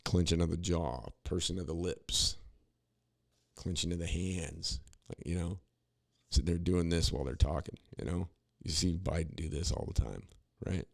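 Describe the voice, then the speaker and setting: A man's voice: sits low, steady tone, normal speed, creaky, no room sound, clean studio sound. A man co-hosting a podcast, talking in a rambling, opinionated way with many restarts and asides. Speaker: podcast co-host. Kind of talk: casual political commentary.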